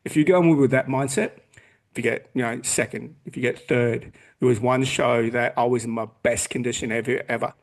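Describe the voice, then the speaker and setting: A man in his forties, guesting on a podcast, chats casually in a medium-pitched, steady voice at a slightly quick clip. He's blunt and swears heavily, acting out the things people said to him.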